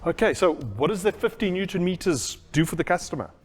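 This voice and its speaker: A man's voice: high voice, fast talker, faint music behind. A man hosting a promotional vehicle chat, upbeat and enthusiastic as he asks questions. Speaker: host. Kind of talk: promotional interview.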